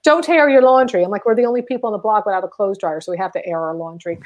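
A woman's voice: mid-range voice, rapid-fire, highs cut off. A middle-aged woman, a comedian and guest, telling a story in casual chat and acting out the people she quotes. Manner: animated, acts out quoted voices.

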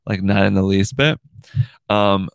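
In a dry recording made in a room of his house, a young podcast host rambles casually and curses freely, ending lines with "dude" and "right?" His lowish voice is gravelly yet clean in tone, and he takes his time.

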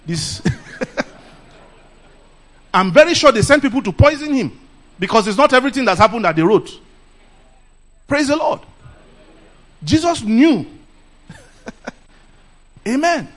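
A middle-aged man from Nigeria with a Nigerian accent, preaching a lively sermon and laughing often. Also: very high voice, slow pace, long pauses. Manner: animated, laughs often, calls "Praise the Lord". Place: church camp meeting.

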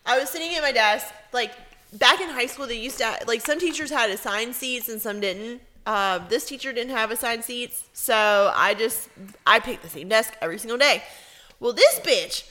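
A woman's voice: fairly high pitch, normal speed, bright, forceful tone. A woman co-hosting a podcast, chatting casually and telling stories bluntly with lots of swearing. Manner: blunt, profane storytelling. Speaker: podcast co-host. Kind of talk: casual chat.

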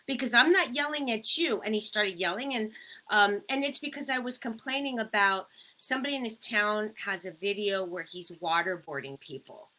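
A woman co-hosting a live talk stream, earnest and indignant as she tells her story. Her voice is bright and forward, sitting a little high. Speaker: co-host, radio producer. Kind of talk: casual live-stream chat.

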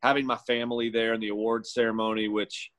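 A man's voice: on the low side, level tone, fast, a bit bright. A man who works as a golf caddie, telling his story in an interview in an earnest, heartfelt, reflective way.

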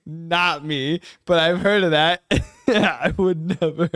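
A man's voice: a little high, takes it slowly, fairly bright tone, dry recording, studio quality. A young man hosting a casual chat with his wife, rambling and laughing a lot. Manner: giggly, rambling, lots of "like". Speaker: podcast host.

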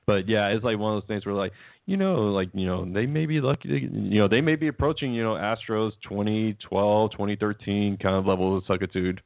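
This sports podcast co-host talks fairly quickly in a fairly low voice with vocal fry, rambling, restarting often, and chuckling at his own jokes. The casual chat comes through a tinny, phone-like line that is dry with no room sound.

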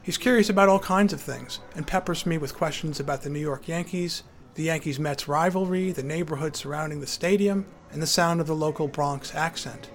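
A man's voice: a little high, brisk. Wry man narrating his memoir. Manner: wry, conversational storytelling.

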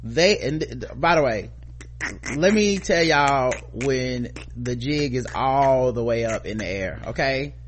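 A man's voice: medium pitch, expressive, unhurried, slight background noise. Male co-host, mid-range voice, playful mock outrage in loose banter. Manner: joking, mock-indignant riffs. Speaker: podcast co-host. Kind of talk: casual chat.

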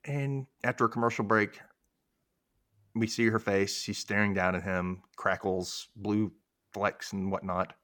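A man's voice: lowish voice, fairly even intonation, a little slow, fairly bright tone, no echo, clean studio sound. A young man hosting a podcast, casually recapping a TV episode and acting out characters' lines in exaggerated voices. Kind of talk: casual chat.

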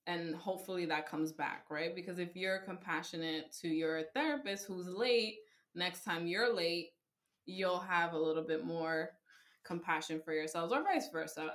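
A woman's voice: sits low, fairly bright tone. A young woman in casual chat, reflective and supportive, murmuring agreement as she listens.

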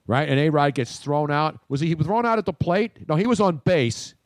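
A man's voice: a little high, animated, a little fast, no echo, studio quality. Opinionated man hosting a sports podcast. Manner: blunt, opinionated. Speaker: podcast host. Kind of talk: casual sports chat.

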